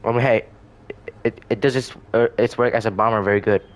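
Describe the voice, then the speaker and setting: A gaming video creator with a lowish voice and fairly even intonation talks briskly about his game builds. His casual commentary rambles, full of hesitation, restarts and self-corrections.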